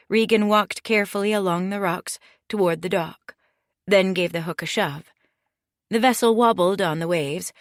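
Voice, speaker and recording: A woman reading a mystery audiobook in steady, measured scripted narration. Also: on the low side, no room sound, studio quality.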